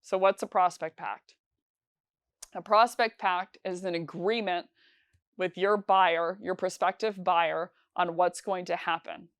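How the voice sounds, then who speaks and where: Low, smooth-voiced woman sales trainer. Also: fairly even intonation, a little slow, no echo, studio quality. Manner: conversational, with frequent fillers and restarts. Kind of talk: instructional talk.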